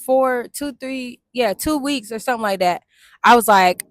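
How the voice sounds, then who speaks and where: A young woman with a somewhat high voice speaks at a moderate pace, the sound clean and studio quality with no echo. She is a vlogger and Navy veteran telling her own story outdoors in the sun and wind, candid and slangy, swearing freely and calling her viewers "y'all."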